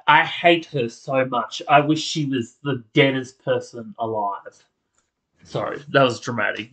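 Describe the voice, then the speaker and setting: A man with a medium-pitched, bright voice and a forceful tone rants angrily in reaction to a video. He's furious, swearing, blurting things out, and cutting off and restarting his own words. The audio quality is poor.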